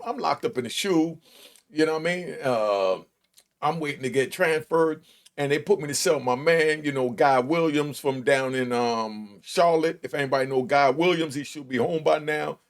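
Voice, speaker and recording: A man in his sixties hosting his own show, telling a rambling prison story in casual street slang, full of asides and restarts. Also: mid-range voice. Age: 60s. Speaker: host.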